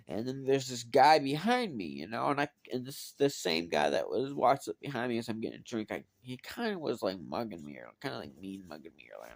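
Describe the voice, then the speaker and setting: A man telling a personal story in a casual, profane, animated way, full of fillers. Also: medium pitch, dry recording, clean studio sound. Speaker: vlogger.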